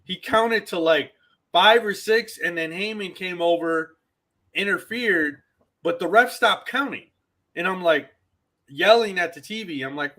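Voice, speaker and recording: Co-hosting a wrestling podcast, this man has a high-pitched, bright, forceful voice at a measured pace. His casual wrestling chat is emphatic and ranting, and he keeps repeating himself to make his point.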